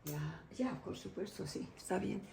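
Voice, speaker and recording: A middle-aged woman artist from Mexico with a Mexican Spanish accent, a native Spanish speaker giving a casual, rambling, excitable tour of her home studio and slipping into Spanish. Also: medium pitch, a little fast, gravelly, distant mic, a little hiss or hum. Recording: echoey room, voice from off-mic, faint ambience.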